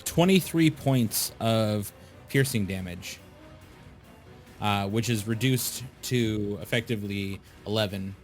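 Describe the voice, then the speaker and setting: A man narrating a tabletop game as game master, describing the scene slowly and addressing the players. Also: lowish voice, faint music behind. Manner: slow, descriptive narration with asides.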